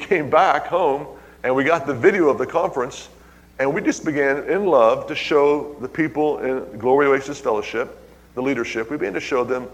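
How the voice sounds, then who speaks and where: A man's voice: medium pitch, normal speed. Preaching man in an echoing hall. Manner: exclaims "hallelujah" and calls out to the congregation. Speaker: pastor. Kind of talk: preaching a sermon with personal stories. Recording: long reverb in a large hall.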